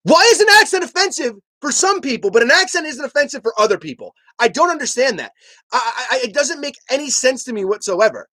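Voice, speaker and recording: A live stream host giving heated commentary, arguing emphatically with chat and rising to near shouts. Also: high-pitched, fast, no echo. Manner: animated ranting, emphatic and repetitive.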